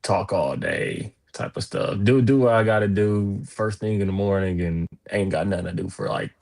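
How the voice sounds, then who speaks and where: A man's voice: lowish voice, moderate pace, creaky, a little mellow. A young man co-hosting a casual sports talk show, laid-back and slangy, often repeating words. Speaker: co-host.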